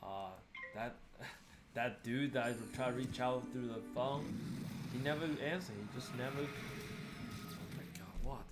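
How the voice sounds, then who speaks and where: A man's voice: medium pitch, measured pace, pauses often, over loud music. A young man venting about being swindled while he plays a game, in casual, exasperated commentary. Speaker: gaming streamer.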